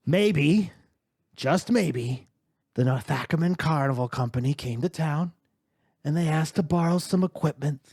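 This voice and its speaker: A man's voice: a little high, measured pace, a little mellow, breathy edge, no echo, studio quality. A man doing a scheming beholder boss. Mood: evasive.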